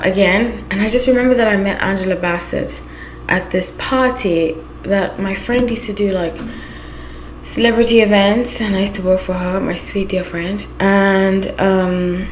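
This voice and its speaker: A woman's voice: medium pitch, echoey room, slight background noise. A woman from Southern Africa with a Zimbabwean accent, chatting casually as a channel host and telling anecdotes with lots of asides. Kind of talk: casual chat.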